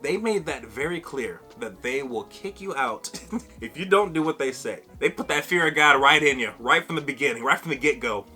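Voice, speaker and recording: A man vlogging to camera, telling a funny personal story in a casual, animated way and acting out what others said. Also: mid-range voice, normal speed, faint music behind. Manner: animated, acts out other people's lines.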